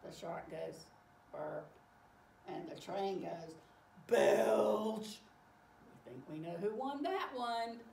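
Animated woman reading a picture book aloud. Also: medium pitch, a little hiss or hum. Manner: animated, exclaiming, slow and warm-paced. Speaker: storyteller. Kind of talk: children's read-aloud. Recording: echoey room, far from mic.

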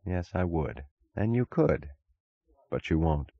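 A man's voice: sits low, slow pace, gravelly, breathy edge, dry recording, dull audio, heavily acted. A man voicing a determined female railroad executive who speaks evenly and directly. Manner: even, direct, businesslike.

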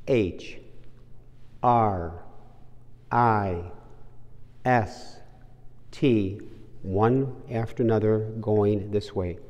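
A man, a priest, giving a gently humorous Christmas homily full of jokes and short stories. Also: fairly low pitch, big-room sound. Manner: unhurried, gently humorous storyteller.

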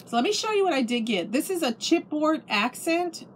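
A woman's voice: high-pitched, big pitch swings, normal speed, slight background noise. A middle-aged woman chatting casually at home about a craft haul, gushing and restarting her sentences. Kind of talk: casual show-and-tell chat.

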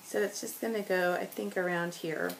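A woman's voice: mid-range voice, moderate pace, slight background noise, rough recording. A woman chatting casually as she works on a scrapbook layout, joking about herself and laughing often. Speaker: scrapbooking vlogger. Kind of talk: casual talk while crafting.

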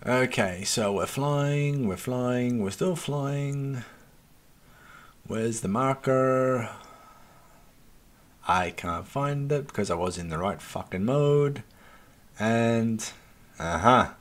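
A man's voice: mid-range voice, lively intonation, slow, pauses often. A man hosting a let's play, chatting casually to viewers as folks, swearing freely and muttering at the game as he goes. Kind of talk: casual gameplay commentary.

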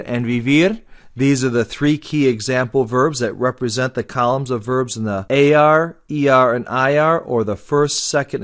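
Slow, deliberate male Spanish teacher. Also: medium pitch, a bit bright. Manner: spells out word endings letter by letter, mixes English and Spanish. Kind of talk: slow deliberate classroom lesson.

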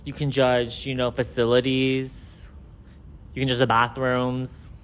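A young man hosting a casual art school vlog, chatty and playful as he asks a friend quick questions. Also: medium pitch, completely flat delivery, smooth. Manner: chatty, playful interviewer, lots of "like". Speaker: vlog host, art student. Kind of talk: casual chat.

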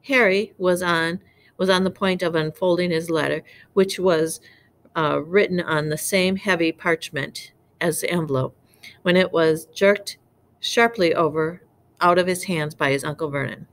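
A woman's voice: on the low side, fairly even intonation, a little slow. A woman reading a novel aloud, unpolished and stumbling now and then over words. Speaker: reader.

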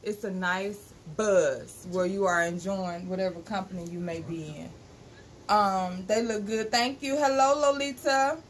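Co-host: easygoing woman of mid pitch, greeting viewers, faint hiss underneath. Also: steady tone, measured pace. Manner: warm greetings, reads names aloud, easygoing. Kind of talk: casual live-stream chat, reading viewer comments. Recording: faint background noise.

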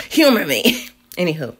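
A woman reviewing candles in a casual vlog, slangy and dramatic, cussing and swinging from mutters to loud outbursts. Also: on the low side, breathy edge.

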